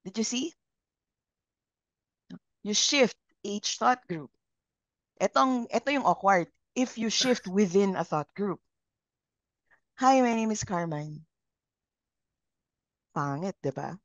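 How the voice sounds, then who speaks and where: A woman's voice: mid-range voice, lively intonation, measured pace, pauses often, no echo. Filipino woman trainer, lo-fi sound. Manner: engaging, asks the group questions. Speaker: communication trainer. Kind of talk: live training session, Taglish. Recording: dull lo-fi sound.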